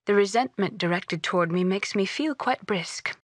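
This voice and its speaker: An actress playing a poised, courteous succubus in a video game, calm and formally refined. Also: female voice, mid-range voice, moderate pace, dry recording, clean studio sound, close to an everyday voice. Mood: serene, polite. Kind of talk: video game character dialogue.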